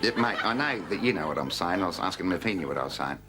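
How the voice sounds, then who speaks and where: A man's voice: low voice, animated, racing. A man doing sketch comedy, with a swaggering, repetitive manner of banter. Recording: music playing underneath.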